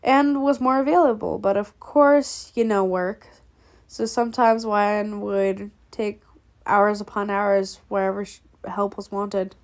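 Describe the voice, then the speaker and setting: Unhurried young woman reading fanfic aloud. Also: mid-range voice, fairly even intonation. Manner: laughs often, swears, breaks off to react. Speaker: fanfic reader. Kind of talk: casual reading aloud with commentary.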